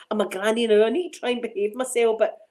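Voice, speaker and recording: Scottish woman, middle-aged, casual ASMR chat, rambling, laughing, warm mellow tone. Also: on the high side, rough recording. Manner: chatty, rambling, laughs often. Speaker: ASMR channel host.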